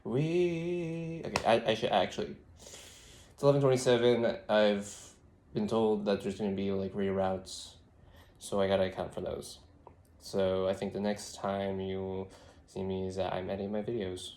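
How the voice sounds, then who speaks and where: Stuffy young guy thinking out loud into his phone, super low and gravelly. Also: steady tone, normal speed, slight background noise. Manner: meandering, filler-heavy musing. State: congested, throaty. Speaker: vlogger. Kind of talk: rambling reflective vlog. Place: lying on his side, later standing.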